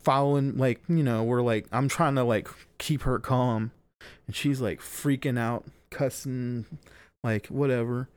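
A man's voice: mid-range voice, steady tone, a little slow, darkish tone, smooth. A young man telling a long story in casual podcast chat, rambling with many fillers and frequent swearing.

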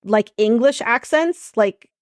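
Higher-pitched woman co-host, rambly casual chat, dry sound. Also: lively intonation, slow pace, no room sound. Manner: rambling, restarts, laughs easily. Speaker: podcast co-host.

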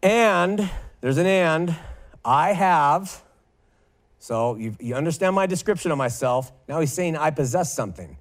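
A man teaching a verse-by-verse Bible study, slowly working through Greek wording and often checking in with "okay?". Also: a little high, animated. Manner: slow, deliberate reading of Greek with frequent "okay?" checks.

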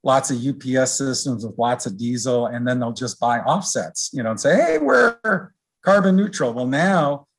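A middle-aged man as an interview guest, explaining in a relaxed, rambling way with many fillers. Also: mid-range voice, normal speed, few pauses, breathy edge. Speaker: research director guest. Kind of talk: conversational interview.

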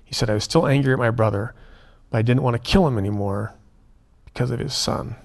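A man's voice: mid-range voice, fast, gravelly. Guy telling a prison ministry story, earnest, acts out the quotes. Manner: earnest, animated retelling with quoted dialogue. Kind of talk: conversational storytelling.

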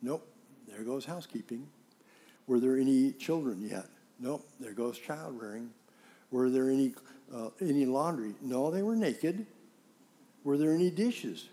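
A middle-aged man preaching a sermon, telling stories and acting out dialogue with animated emphasis. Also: mid-range voice, normal speed. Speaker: pastor.

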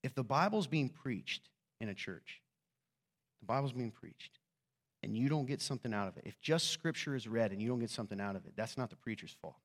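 A male pastor gives a sermon to his congregation in a church. He speaks in a casual, conversational way and teases the people in the pews. His voice sits at an ordinary pitch and swings from hushed asides to loud, excited bursts. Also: fairly quick. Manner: rhetorical questions, swings from quiet to loud.

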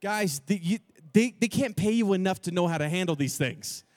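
High-voiced, animated male youth speaker. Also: no room sound. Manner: animated, quick, acts out quoted dialogue. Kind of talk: comedic storytelling to students.

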